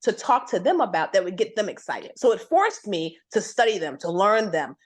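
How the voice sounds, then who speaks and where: Animated woman telling a workplace story. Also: moderate pace. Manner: animated, acts out quoted voices with big pitch jumps. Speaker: guest. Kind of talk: storytelling in a conversation.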